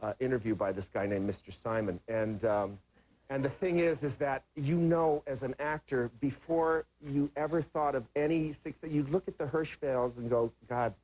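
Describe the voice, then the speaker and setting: A man appears as a guest on a television talk show and tells rambling, warm-hearted anecdotes with many restarts. His voice sits in an ordinary middle pitch. This is an old broadcast recording. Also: fairly even intonation, moderate pace, a little hiss or hum, poor audio. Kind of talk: casual chat. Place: television studio.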